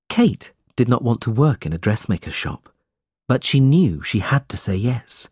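A man narrating an audiobook in a slow, measured reading style. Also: medium pitch, very animated, darkish tone, slightly rough, no room sound, clean studio sound.

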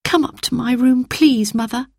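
A woman reading a storybook, voicing an anxious young girl who pleads in a high, breathy voice. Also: normal speed, dry recording, clean studio sound. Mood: pleading.

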